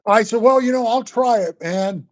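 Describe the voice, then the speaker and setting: A man in his sixties telling stories in a casual chat, animated and profane, calling the host bro and man all the time. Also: very high-pitched, moderate pace. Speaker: guest storyteller. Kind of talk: casual storytelling.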